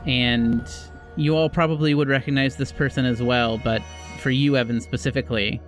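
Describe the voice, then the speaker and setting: Man running a tabletop horror game, mid-pitched voice, drawn-out descriptive narration. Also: steady tone, soft background music. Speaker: game master. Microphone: podcast microphone.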